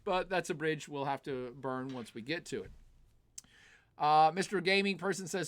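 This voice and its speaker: A middle-aged man hosts a live stream and works through viewers' chat questions. His voice sits a touch high, and his delivery is animated and conversational, tipping into rants. He laughs easily between points. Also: moderate pace. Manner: animated, ranting, chatty, laughs often. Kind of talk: casual political commentary.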